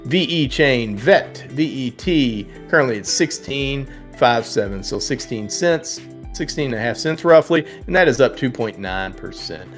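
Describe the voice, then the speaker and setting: A man's voice: medium pitch, lively intonation, a little slow, faint music behind. A man hosting a live trading stream, chatting casually as he reads out prices and viewers' names, laughing and sometimes singing names. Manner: chatty, reads prices and chat names, sing-song repeats of names, laughs often. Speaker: livestream trading host. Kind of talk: casual live market commentary.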